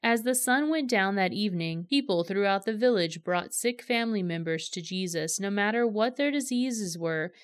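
Smooth-voiced woman reading scripture. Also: medium pitch, dry recording. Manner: steady, measured storytelling delivery. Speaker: scripture reader.

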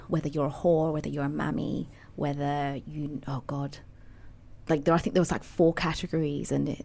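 A woman on a podcast panel, thoughtfully picking apart a novel's themes. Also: deep voice. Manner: thoughtful, analytical. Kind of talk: casual book club discussion.

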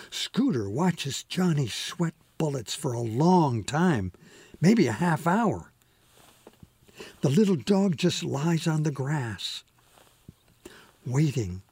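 A man narrating a story in an expressive, lively reading style with a husky voice. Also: a little high, no room sound.

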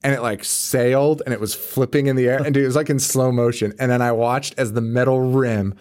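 A man's voice: mid-range voice, steady tone, fairly quick, a little mellow. A man co-hosting a podcast in casual chat, rambling through a story with lots of swearing and frequent laughter. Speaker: podcast co-host.

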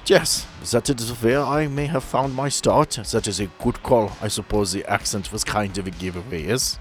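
A man's voice: on the low side, moderate pace, soft background music, natural voice. A man voicing an older, thin male doctor with a German accent, courtly and curious, who often ends remarks with a questioning "yes?". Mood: genial.

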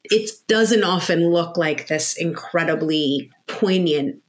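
A woman guest expert giving practical, direct parenting advice in a relaxed discussion. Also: on the low side, takes it slowly.

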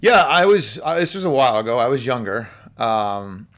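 A man telling a workplace story in casual conversation, animated and full of fillers like "like" and "so". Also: mid-range voice, normal speed. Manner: animated storyteller acting out quotes, many fillers. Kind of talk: casual podcast chat.

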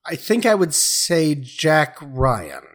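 High, unhurried joking man. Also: huge pitch swings. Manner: playful joker. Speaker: podcast panelist. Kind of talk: casual film podcast chat.

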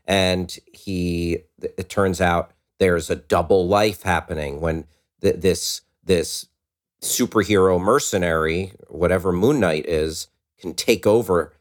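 Low-voiced relaxed podcast co-host. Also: male voice, takes it slowly. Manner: relaxed, asks questions, short backchannels. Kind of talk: casual chat.

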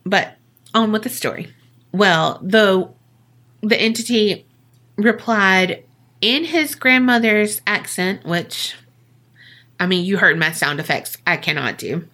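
A woman co-hosting a podcast, retelling a ghost story in a casual, profane, joking way with quick asides. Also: mid-range voice, pushed and bright. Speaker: podcast co-host.

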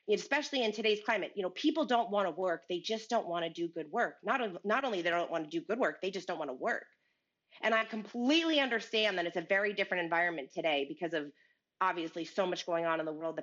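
A woman's voice: medium pitch, highs cut off. A woman talking earnestly about leadership and work on a podcast, telling a story and acting out both sides of the conversation. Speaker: guest speaker on leadership.

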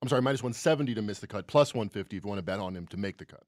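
A man's voice: on the low side, animated, no echo. A man on a sports betting show, quoting odds with dry wit in casual chat. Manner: quotes odds, quick and wry.

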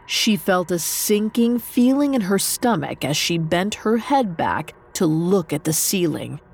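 A woman narrating a dark storybook myth in a measured, dramatic way. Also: on the low side, expressive, vocal fry, breathy edge. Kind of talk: scripted narration.

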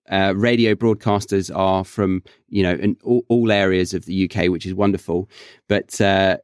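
A young man with a neutral Southern British accent, hosting a podcast and chatting in a relaxed, thoughtful way with some self-corrections. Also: sits low, no room sound, studio quality. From England. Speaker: podcast host. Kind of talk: casual chat.

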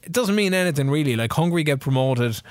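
A man's voice: on the high side, expressive, fast talker, no room sound, clean studio sound. A man co-hosting a podcast, chatting casually, rambling and swearing. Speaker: podcast co-host. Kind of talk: casual chat.

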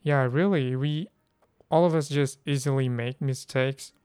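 A man's voice: mid-range voice, fairly even intonation, a little slow, darkish tone, clear, resonant tone, no echo, studio quality. A man from the Philippines, hosting a casual solo podcast and thinking aloud with many fillers. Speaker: podcast host.

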